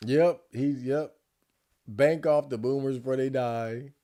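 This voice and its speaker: A man's voice: medium pitch, fairly even intonation, unhurried, warm tone. A man chatting casually on a livestream, ranting and rambling with frequent restarts.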